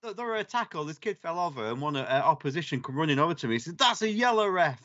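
Lively bright-voiced calm man, lo-fi. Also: a little high, very fast. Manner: calm, sensible storyteller. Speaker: podcast co-host and youth referee. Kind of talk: casual podcast chat.

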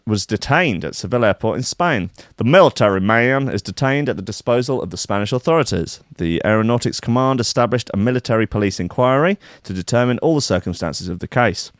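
A man's voice: medium pitch, dry recording, clean studio sound. A man hosting a casual news commentary, reading items aloud with irreverent, profane, rambling asides. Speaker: podcast host.

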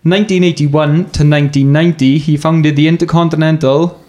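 A man's voice: a little high, steady tone, a little fast, a little mellow. A man co-hosting a podcast in casual chat, telling a story in a crude, jokey way with lots of fillers. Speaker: podcast co-host.

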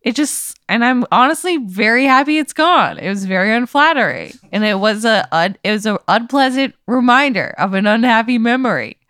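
A woman's voice: a little high, expressive, normal speed, few pauses, fairly bright tone, no room sound, clean studio sound. A woman improvising in a comic scene, defensive and indignant. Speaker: improv guest. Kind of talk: improvised comic role-play.

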